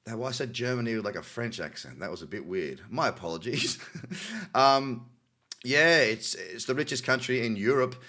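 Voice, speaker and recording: A man's voice: mid-range voice, expressive, moderate pace, bright, forceful tone. A man with an Australian accent hosting a crypto news show, reading articles aloud and adding cynical, chatty asides. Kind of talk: casual news commentary.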